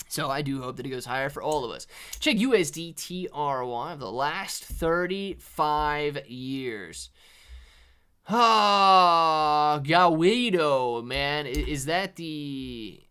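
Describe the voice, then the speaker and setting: Chatty man, smooth voice. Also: on the high side, a bit bright. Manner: chatty, calls viewers dude and man. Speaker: livestream host. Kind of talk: casual live market commentary.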